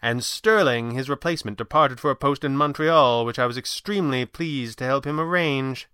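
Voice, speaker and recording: A man voicing a dry, blunt wealthy gentleman. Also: medium pitch, moderate pace, clean tone, dry recording, lightly acted. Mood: dry, probing. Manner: candid, wry, slightly pressing. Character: wealthy male employer, dry, blunt and impatient.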